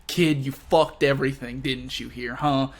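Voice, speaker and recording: A man voicing a gruff, blunt male warrior in his own casual way while he retells a comic story. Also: mid-range voice, steady tone, moderate pace, close to an everyday voice. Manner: casual, swears.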